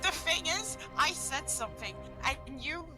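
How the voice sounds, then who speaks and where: A woman playing a tabletop game who chats in a blunt, animated way and swears freely. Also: very high-pitched, measured pace, over music. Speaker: player. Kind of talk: casual tabletop game chat.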